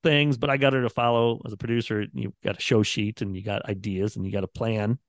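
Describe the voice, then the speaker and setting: A man's voice: on the low side, fairly even intonation, a little fast, no echo, clean studio sound. A man, a radio producer chatting casually on a podcast and acting out quotes from the people in his stories. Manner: rambling storyteller, acts out quotes.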